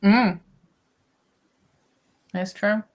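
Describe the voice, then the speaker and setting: A woman's voice: medium pitch, steady tone, extremely slow. A young woman with a Wigan accent, chatting casually and playfully on a reading stream, laughing often. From North West England. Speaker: co-host of a reading sprint stream. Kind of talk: casual chat.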